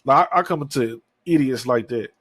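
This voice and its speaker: A husky, fairly bright medium-pitched voice at a moderate pace belongs to a podcast host in his thirties. On a dry recording, he rambles candidly in a casual solo monologue and swears often.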